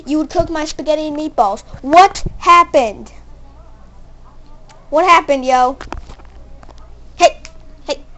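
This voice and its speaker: High-pitched woman scolding her cat, nagging and repeating herself over and over. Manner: nagging, repetitive, demanding. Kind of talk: mock-scolding a pet.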